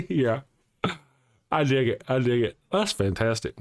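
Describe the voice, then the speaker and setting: Man, livestream host, casual chat, jokey, chuckles a lot, animated voice, mid pitch. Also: unhurried. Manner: joking, chuckles often, animated. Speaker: host of a live morning show. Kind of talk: casual livestream chat reading viewer comments.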